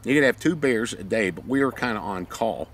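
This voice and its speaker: A man's voice: on the low side, brisk, a little hiss or hum. A retired Navy SEAL, a man, telling war-buddy stories casually with lots of swearing, acting out the scenes. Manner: profane, animated, acts out the scenes.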